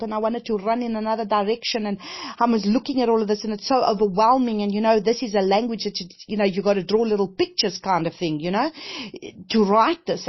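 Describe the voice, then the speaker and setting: A woman's voice: fairly high pitch, steady tone, brisk. Earnest woman preaching, dull lo-fi sound. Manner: heartfelt, conversational, many repeated phrases and "you know". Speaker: minister. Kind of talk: testimony-style sermon. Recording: dull lo-fi recording.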